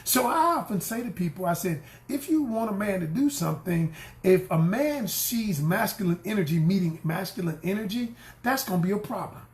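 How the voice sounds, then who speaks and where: A middle-aged man gives dating advice to women, hammering his points home by repeating them. His pitch swings widely as he acts out the voices of people he quotes. The sound carries a noticeable room echo. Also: expressive, moderate pace. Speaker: relationship coach. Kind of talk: animated coaching talk to camera.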